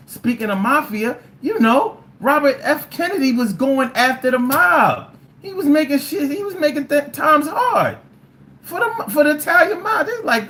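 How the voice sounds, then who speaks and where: A livestream host reading chat comments and rambling, animated and profane, with many restarts. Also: mid-range voice, unhurried, a little hiss or hum. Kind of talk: casual livestream talk.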